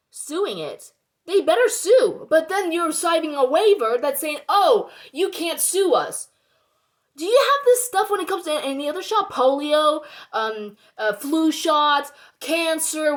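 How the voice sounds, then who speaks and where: A young woman with a high voice vents to her viewers in a heated monologue. She swears freely and circles back to the same points. She keeps pressing the audience with rhetorical questions. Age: young adult. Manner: heated and indignant, swearing, repeating herself. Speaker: vlogger.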